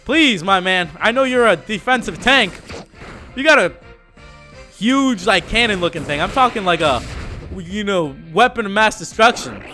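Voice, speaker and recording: A man's voice: high-pitched, expressive, moderate pace, bright, forceful tone, faint music behind. A man giving casual, laid-back commentary while playing a video game, slangy and joking. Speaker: let's play host.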